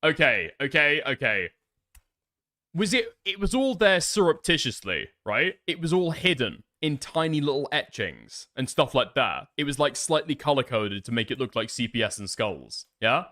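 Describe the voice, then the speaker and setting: A man's voice: mid-range voice, big pitch swings, normal speed, sharp tone, no echo, studio quality. A man streaming live, rambling and thinking aloud in casual commentary, with frequent swearing.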